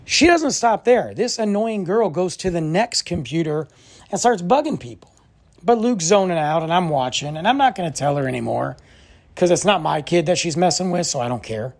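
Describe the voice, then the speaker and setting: Man, podcast host, exasperated storytelling, husky voice. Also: a little high, moderate pace. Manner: animated, exasperated, acts out others' lines. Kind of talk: casual storytelling rant.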